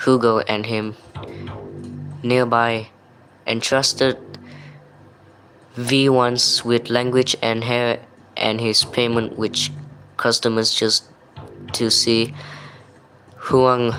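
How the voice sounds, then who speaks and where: A man's voice: mid-range voice, bright, forceful tone, poor audio. A man from Malaysia, hosting a livestream and reading viewers' chat messages aloud in a plain, apologetic way. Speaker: livestream host.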